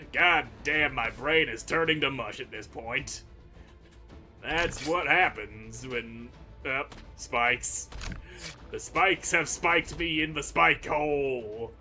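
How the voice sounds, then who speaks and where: A man with a fairly high, sharp-toned voice hosts a gaming channel, offering crude and sarcastic gameplay commentary. He trash-talks the enemies as he battles them.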